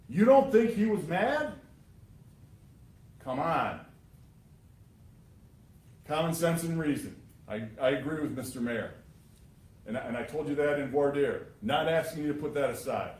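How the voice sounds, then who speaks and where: A man delivers a prosecutor's closing argument with pointed sarcasm and emphatic repetition. His voice sits a little high for a man. The sound carries the roomy echo of a courtroom. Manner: emphatic and sarcastic, addressing jurors.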